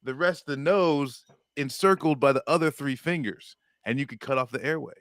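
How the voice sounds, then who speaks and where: A man's voice: mid-range voice, normal speed, fairly bright tone, dry recording, studio quality. A man co-hosting a podcast, playfully explaining a grappling technique in casual chat. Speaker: podcast co-host.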